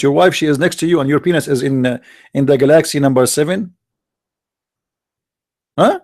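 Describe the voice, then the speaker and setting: A man's voice: on the high side, moderate pace, pauses often, a little mellow. A man hosting an online stream, mocking his opponents with sarcastic, taunting rhetorical questions into a computer mic. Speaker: live-stream host debating callers. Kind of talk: mocking polemic monologue.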